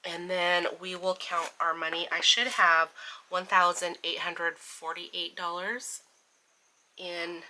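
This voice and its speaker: A woman vlogging her budget in a casual way, counting bills aloud in a steady murmur and laughing at her own mistakes. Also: on the low side, takes it slowly, a little hiss or hum, low-quality recording. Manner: chatty, self-deprecating, laughs at her own slips. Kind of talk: casual counting-out-loud vlog.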